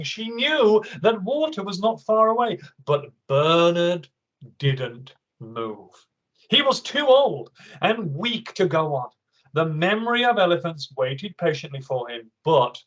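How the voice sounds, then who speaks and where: A man teaching an online writing lesson, reading a picture book aloud in an expressive, encouraging way. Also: a little high, highs cut off.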